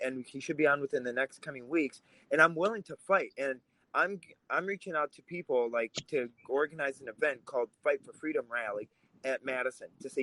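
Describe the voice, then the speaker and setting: A man's voice: mid-range voice, fairly quick, fairly bright tone, no echo, rough recording. A man who grew up in Russia, co-hosting a political podcast, talking in a heated, emphatic way. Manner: fired up, emphatic, swears when angry. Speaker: podcast co-host.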